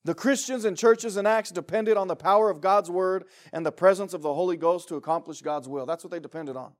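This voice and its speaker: Male pastor, higher-pitched voice, preaching in a church meeting room, dynamic swings from loud to hushed, rhetorical questions. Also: brisk. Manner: preaching with big swings between loud emphasis and quiet intensity, rhetorical questions. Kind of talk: sermon.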